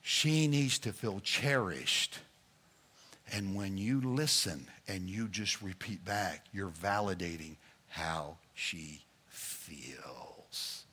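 A man's voice: low-pitched, expressive, slow, sharp tone, slightly rough. A male pastor preaching a sermon, addressing the congregation directly in a playful coaching manner.

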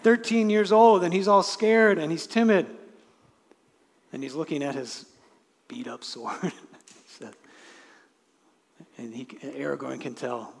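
A male pastor preaching in a church sanctuary, his somewhat high voice carrying a long reverb tail. He moves from loud, emphatic declarations to hushed lines that are nearly whispered. Conversational asides break in, sometimes with a light laugh. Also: fairly even intonation, slow pace, vocal fry, long pauses, a little hiss or hum. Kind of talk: sermon.

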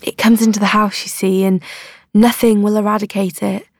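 A woman's voice: mid-range voice, little pitch movement, moderate pace, a little mellow, no room sound, studio quality, close to an everyday voice. A woman voicing a prim older neighbour woman who speaks in a sweetly passive-aggressive, fussy way. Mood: prying.

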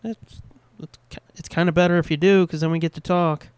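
A man co-hosting a podcast, chatting casually with lots of swearing and quick voice impressions. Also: a little high, clear, resonant tone, dry recording. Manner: animated, swears a lot, mimics voices. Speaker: podcast co-host. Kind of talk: casual profane chat.

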